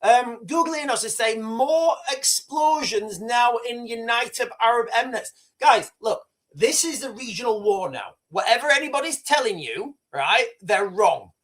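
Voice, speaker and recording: A man hosting a live news commentary stream, rambling and excitable with many restarts, boastful and opinionated. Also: very high voice, measured pace, hardly any pauses. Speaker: livestream host.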